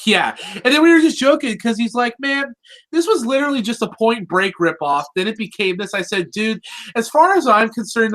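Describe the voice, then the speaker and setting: Bright, rambling joking co-host. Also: medium pitch. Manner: rambling, joking, trips over words and restarts. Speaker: co-host of a cartoon review show. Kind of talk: casual review chat.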